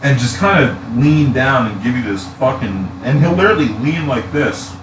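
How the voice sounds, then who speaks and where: A man's voice: mid-range voice, expressive, moderate pace. A man in his twenties chatting casually on a live stream, telling stories with lots of swearing and laughter. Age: 20s. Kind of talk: casual chat. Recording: echoey room, far from mic, noisy.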